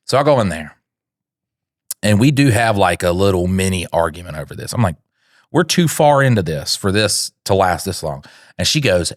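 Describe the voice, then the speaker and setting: A man with a very low, deep voice tells stories in a casual podcast chat. He acts out the quotes with a lot of energy. The sound is dry and close, with no room echo. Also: a little fast. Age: adult father. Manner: animated storyteller, acts out quotes. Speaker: podcast co-host.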